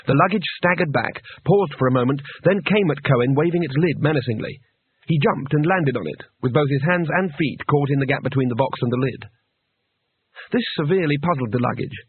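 A man narrates a storybook in a steady, wry manner. His voice is husky. It sounds dry and tinny, squeezed into a narrow phone-like band. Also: a little high, fairly quick, no echo. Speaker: audiobook narrator.

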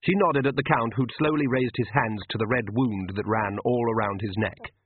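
A man narrating an audiobook in an expressive, measured way. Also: medium pitch, husky, no echo. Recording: tinny phone-like, dry audio.

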